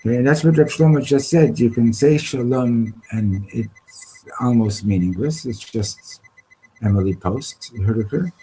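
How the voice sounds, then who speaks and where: A man leading an informal Torah class, halting and restarting often, slipping Hebrew terms into his English. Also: medium pitch, warm tone, slight background noise, low-quality recording. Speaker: Torah teacher. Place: study hall classroom.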